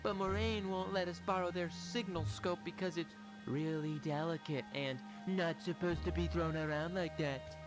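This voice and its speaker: A man voicing an excitable alien child, whiny and begging. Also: on the high side, moderate pace, over music, voice pushed up, close to an everyday voice. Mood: pleading. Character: excitable pleading alien kid.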